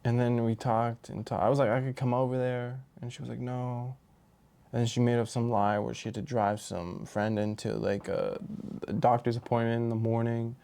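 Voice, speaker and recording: A man telling a personal story in a rambling, halting way, with many restarts and fillers. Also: mid-range voice, little pitch movement, vocal fry, warm tone, clear, resonant tone. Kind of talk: casual storytelling monologue.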